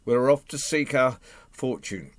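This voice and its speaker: A man's voice: medium pitch, expressive, a little slow, no echo, close to an everyday voice. A man voicing Jack, a plucky young lad in a told folk tale, speaking plainly. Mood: steady.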